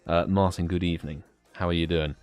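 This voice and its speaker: A man's voice: low-pitched, fairly even intonation, fairly quick, darkish tone, clean tone, no echo. A young British man hosting a live stream, chatting casually and greeting viewers by name. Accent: British English. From United Kingdom. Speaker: livestream host.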